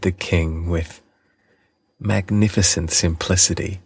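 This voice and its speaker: Deep, slow male storyteller. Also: breathy edge, no echo, clean studio sound. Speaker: audiobook reader. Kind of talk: storybook reading.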